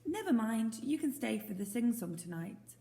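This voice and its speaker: Young Scout boy, cheery and teasing; a woman voices him, raised pitch. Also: sing-song, moderate pace, creaky, dark tone. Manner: breezy, teasing, enthusiastic. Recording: roomy echo.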